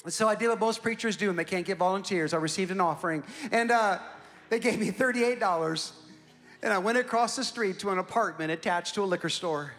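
A young man preaching as a pastor, telling a story with self-mocking humor in an animated way. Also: sits high, brisk, soft background music. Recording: long hall reverb.

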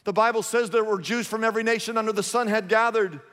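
A man's voice: high voice, steady tone, quick pace, a bit bright, long reverb tail. A man preaching a sermon, telling a story emphatically with lots of repetition.

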